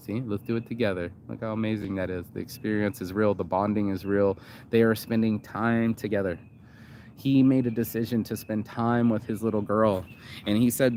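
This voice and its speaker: A man's voice: lowish voice, slight background noise. A man hosting a casual monologue, reacting to a video. He rambles, swears freely and stumbles over fillers and restarts.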